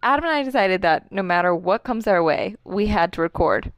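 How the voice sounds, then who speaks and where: A woman's voice: medium pitch, lively intonation, brisk, muffled recording. Woman from North Carolina, chatty laid-back vlog host on a small mic. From Hickory, North Carolina. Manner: chatty, laughs often, lots of "like". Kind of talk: casual family chat. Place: childhood bedroom in family home. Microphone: tiny shared mic.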